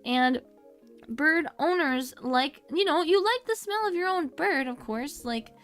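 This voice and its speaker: A woman's voice: high-pitched, lively intonation, a little slow, soft background music. A young woman streaming casually, rambling and bubbly, breaking into baby-talk squeals and muttering counts under her breath as she plays. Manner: mutters counts quietly while concentrating. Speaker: VTuber streamer. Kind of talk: casual livestream chat while gaming.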